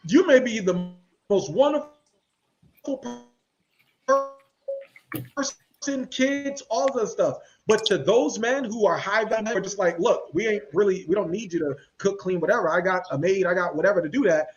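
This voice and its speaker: High-voiced, slangy male podcast host. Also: normal speed, dull audio, faint music behind. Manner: animated, slangy, acts out quoted voices. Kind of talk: casual commentary chat.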